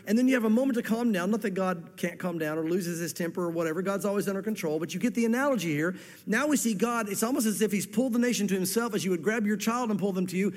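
A man's voice: high-pitched, fast. A man preaching a sermon as pastor, fervently quoting scripture and repeating his words for emphasis. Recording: echoey hall reverb.

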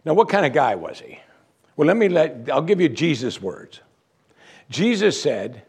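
A man's voice: on the high side, very animated, normal speed, breathy edge. A male pastor preaching a sermon in a church, emphatic and full of rhetorical questions.

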